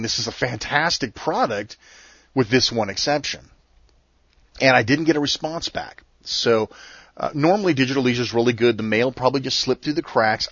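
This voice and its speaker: A middle-aged man hosting a show, telling a story in a casual, animated, ranting way. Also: mid-range voice, no echo. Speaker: podcast host. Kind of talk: casual monologue. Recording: dull lo-fi sound.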